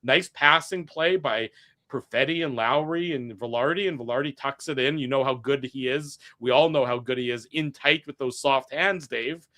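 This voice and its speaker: A man's voice: medium pitch, normal speed, pushed and bright. A man co-hosting a casual hockey post-game show, walking through goals play by play with some dry teasing.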